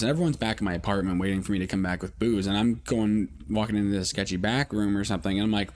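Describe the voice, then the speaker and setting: A man's voice: lowish voice, expressive, quick pace, few pauses, a little mellow, a little hiss or hum. A man hosting a podcast, telling a rambling, profane story in casual monologue with many restarts. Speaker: podcast host.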